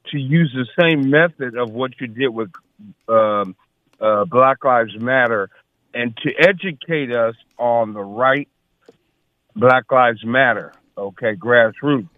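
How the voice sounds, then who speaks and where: A man in his sixties calling in to a radio talk show, halting and full of filler sounds. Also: medium pitch, no room sound. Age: 60s. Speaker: caller. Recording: tinny phone line.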